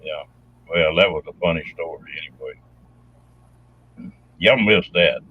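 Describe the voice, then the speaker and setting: A man's voice: sits low, slow pace, slightly rough, narrow, tinny audio. A man hosting a podcast, speaking casually in a folksy, drawling way. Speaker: podcast host. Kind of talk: casual chat.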